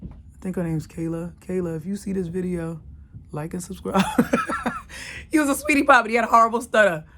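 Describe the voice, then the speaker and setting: A woman's voice: lowish voice, a little fast, long pauses, fairly bright tone, a little hiss or hum. A woman in her thirties hosting her own channel, telling a personal story in a casual, emphatic way and repeating phrases for effect. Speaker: channel host.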